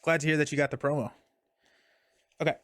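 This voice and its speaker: A man's voice: fairly high pitch, steady tone, fast talker, fairly bright tone, no echo. A young man casually streaming a card game, talking through his moves and chatting with viewers. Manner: chatty, reads chat and thanks viewers mid-game.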